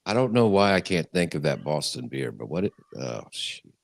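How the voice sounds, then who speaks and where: Male guest, very deep gravelly voice, short remarks. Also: sing-song, moderate pace, no room sound, studio quality. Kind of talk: casual chat on a live stream.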